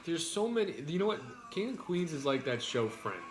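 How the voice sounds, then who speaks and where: A man's voice: fairly high pitch, big pitch swings, fairly quick, background noise. A man chatting casually and crudely while eating on a food stream, teasing his partner. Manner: joking, crude, banters with partner. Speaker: mukbang streamer. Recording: echoey room.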